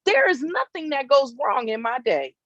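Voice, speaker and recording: A woman's voice: high-pitched, very animated, moderate pace, a bit bright, no room sound, highs cut off. A woman giving a faith-based motivational talk outdoors, emphatic and repetitive, often checking in with her listeners. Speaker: motivational speaker. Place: outdoors in hot weather.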